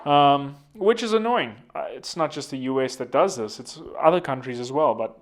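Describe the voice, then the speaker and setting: A man's voice: medium pitch, expressive, moderate pace. A young South African man giving casual political commentary, rambling and poking fun at himself. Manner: rambling, self-deprecating joking. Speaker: vlogger.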